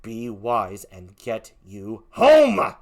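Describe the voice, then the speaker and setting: A man's voice: medium pitch, huge pitch swings, extremely slow, creaky, voice pushed down, heavily acted. An older man playing a scheming villain in his own plain voice, curt and dismissive. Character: scheming evil ensign, a man.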